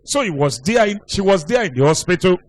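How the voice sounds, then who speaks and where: Male pastor, sermon, emphatic storytelling, high voice. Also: expressive, brisk, poor audio.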